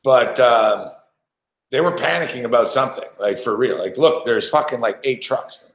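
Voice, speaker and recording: A man's voice: medium pitch, moderate pace. A man hosting a sports betting show, telling a rambling story in a casual and profane way, full of restarts. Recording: roomy echo.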